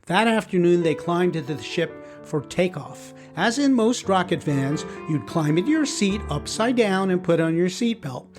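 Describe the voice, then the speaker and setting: A man reads a family storybook aloud, adding playful, wry asides. His pitch moves around a lot as he tells it. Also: animated, moderate pace, hardly any pauses, over music. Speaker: narrator. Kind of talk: scripted narration for a family audiobook.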